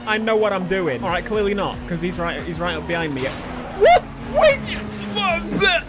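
A man commentating his own racing-game playthrough, with an unusually high voice. He is excitable, bursting into yells and then dropping to low mutters. Game music plays clearly underneath. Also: fast. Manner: excitable, swings from yelling to muttering. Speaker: gaming channel host. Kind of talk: let's play commentary. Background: racing game music and engine sounds.

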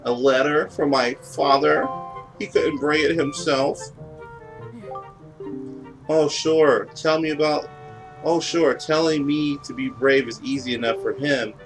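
A man's voice: fairly high pitch, fairly even intonation, unhurried, pauses often, voice pushed up, poor audio. A man reading aloud the lines of a sulky, proud young bird-folk prince from a video game, over game music. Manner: petulant, proud, defensive. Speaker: game dialogue reader.

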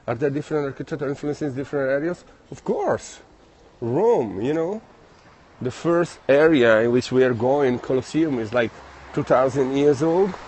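Italian guy live streaming on his phone while walking around town, friendly and chatty, kinda halting english, a bit of faint street noise. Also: mid-range voice, darkish tone. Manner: friendly, chatty, halting non-native phrasing. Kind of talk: casual live-stream chat, reading viewer comments. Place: outdoors on city streets, walking.

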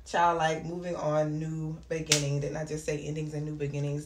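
A woman doing a casual tarot reading, chatty and prone to excited exclamations. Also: deep voice, fairly quick, hardly any pauses. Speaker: tarot reader. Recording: echoey room with clear background noise.

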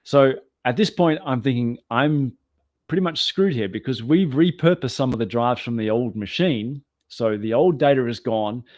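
Male guest, mid-pitch, animated self-deprecating storyteller, dry close sound. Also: moderate pace, dry recording. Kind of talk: anecdotal storytelling.

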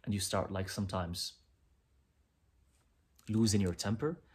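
A man's voice: lowish voice, measured pace, darkish tone, breathy edge. A man giving a pick-a-pile tarot reading, speaking earnestly and directly to the listener, often repeating himself. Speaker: tarot reader.

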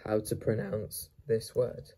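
A man repeating numbers over and over in a slow pronunciation drill, sometimes breaking them into single sounds. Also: on the low side, lively intonation, dark tone, husky, low-quality recording. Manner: repeats each number many times, splitting it into sounds. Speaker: pronunciation teacher.

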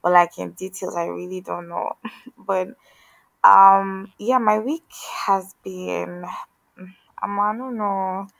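A Nigerian woman co-hosting a podcast, talking in an animated, emphatic way with pleading asides. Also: medium pitch, slow pace, gravelly, no room sound, poor audio. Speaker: podcast co-host. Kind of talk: casual chat.

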